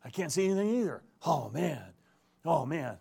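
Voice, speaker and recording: A man's voice: on the high side, very animated, moderate pace, vocal fry, dark tone, breathy edge, exaggerated voice. A man voicing a weary, bewildered young soldier who talks in casual slang.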